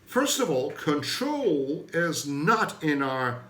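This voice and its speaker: Lively man, rambling jokes. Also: a little high, takes it slowly. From Turkey. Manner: digressive, self-mocking, jokey asides. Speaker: comedy host. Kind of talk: rambling comic monologue. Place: at home. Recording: roomy echo.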